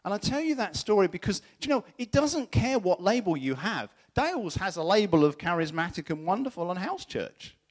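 In a high, brisk delivery with few pauses, a middle-aged man preaches, bringing a personal story to life by performing the voices of the people he quotes.

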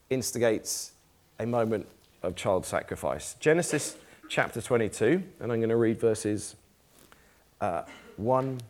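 A man's voice: medium pitch, a little mellow. Casual male preacher reading scripture. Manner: conversational, self-deprecating, laughs lightly. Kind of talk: sermon with Bible reading. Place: church.

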